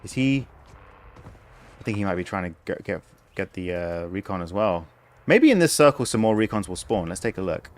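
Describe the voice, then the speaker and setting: A man's voice: deep voice, sing-song, moderate pace. A young man giving casual, wry, rambling commentary while streaming a game. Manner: wry, rambling, self-amused. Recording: game sounds and noise behind.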